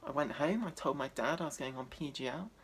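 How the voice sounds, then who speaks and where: A man, doing a deadpan, self-deprecating stand-up set. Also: mid-range voice, brisk, vocal fry, husky. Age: 20s. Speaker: stand-up comedian.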